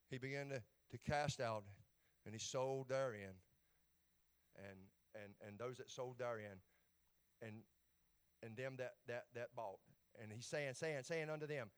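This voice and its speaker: A pastor preaching a sermon, dropping to low murmurs and rising to shouts. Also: male voice, measured pace, long pauses, clean tone.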